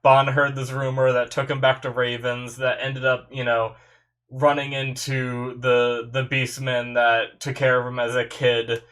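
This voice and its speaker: A man's voice: mid-range voice, level tone, measured pace, fairly bright tone. Rambling, stuffy-nosed young man. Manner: rambling, full of "like" and "you know". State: stuffy nose. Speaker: anime reaction host. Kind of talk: casual reaction commentary.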